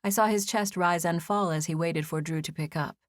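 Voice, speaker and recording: Low-voiced woman narrating an audiobook. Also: fairly quick, no room sound, studio quality. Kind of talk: scripted first-person audiobook narration.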